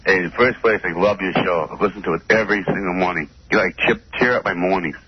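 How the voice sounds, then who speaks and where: A man's voice: low-pitched, fast talker. A man calling in to a radio show, chummy but cutting, with frequent hesitations. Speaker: caller. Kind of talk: call-in radio chat. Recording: dull lo-fi phone-in sound with faint noise.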